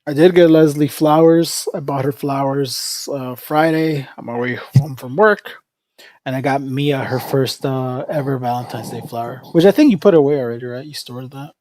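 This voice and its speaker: Man, livestream host, casual rambling chat, middle pitch, dry close sound. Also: moderate pace, darkish tone, dry recording. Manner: rambling, with frequent restarts and fillers.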